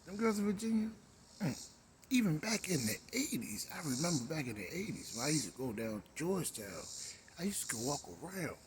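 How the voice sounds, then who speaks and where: A middle-aged man with a Maryland accent hosts his own show, his fairly high voice very animated and fairly quick as he rambles through a monologue. He drawls, hums, and drops into whispers, with a little hiss or hum on the recording.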